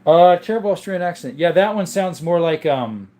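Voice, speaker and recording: With a high-pitched, warm, expressive voice and a fairly quick pace, a livestream host and gun collector reads viewer comments aloud in a home room full of guns. He answers in a laid-back, rambling fashion, though his voice sounds strained and worn.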